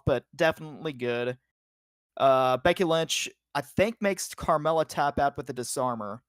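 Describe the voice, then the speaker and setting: A man's voice: on the high side, no echo, studio quality. A man co-hosting a podcast, giving a casual play-by-play recap full of "like" and "uh" and the odd swear word. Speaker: podcast co-host.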